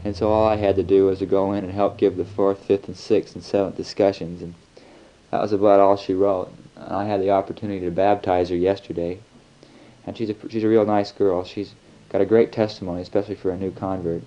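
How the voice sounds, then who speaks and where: A man's voice: sits low, level tone, fairly quick, dark tone. A young American man, a missionary, rambling easily through a spoken audio letter on an old home tape. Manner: easygoing, rambling, chatty. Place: missionaries' flat. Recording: lo-fi home tape with faint hiss.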